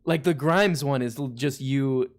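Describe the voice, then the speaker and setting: A man's voice: medium pitch, a little slow. Rambling man hosting a live stream. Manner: rambling, laughing, self-mocking. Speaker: streamer host. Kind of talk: casual live-stream chat.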